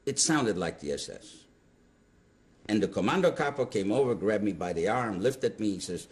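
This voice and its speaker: An older man, a Holocaust survivor, recounting his memories to an interviewer in emphatic, animated storytelling. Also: lowish voice, measured pace. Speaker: Holocaust survivor giving testimony.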